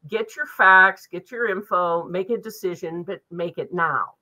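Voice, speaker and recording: A woman's voice: fairly low pitch, measured pace, bright, forceful tone, rough recording. A woman in her fifties, a business advisor talking as an interview guest in a blunt, direct way with a sense of urgency. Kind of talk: casual interview talk.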